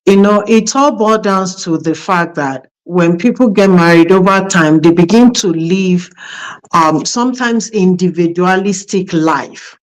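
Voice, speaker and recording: A woman's voice: lowish voice, rough recording. A woman, a pastor hosting a conversation about marriage, telling anecdotes in a reflective way with many fillers. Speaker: pastor and host.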